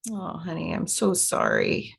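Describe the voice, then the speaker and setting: A woman comforting another person on a video call in a gentle, reassuring way. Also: low-pitched, huge pitch swings, unhurried, vocal fry, slightly rough. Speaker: study group member.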